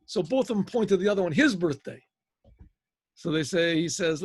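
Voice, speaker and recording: A man, a rabbi and teacher, telling a story to his students on a video call in an animated way with many restarts. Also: high-pitched, normal speed, pauses often, slightly rough, no echo.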